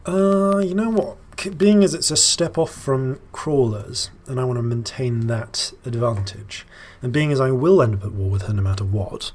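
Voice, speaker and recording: A man's voice: medium pitch, expressive, moderate pace, hardly any pauses, darkish tone. A man hosting a let's play, thinking aloud in casual commentary with wry asides and frequent fillers.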